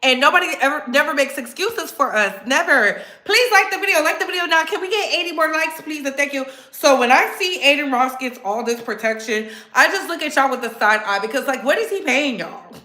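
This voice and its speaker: A woman hosting her own commentary channel, talking straight to her viewers in a sassy, animated way. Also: sits high, fairly quick, few pauses, roomy sound. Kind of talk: casual commentary.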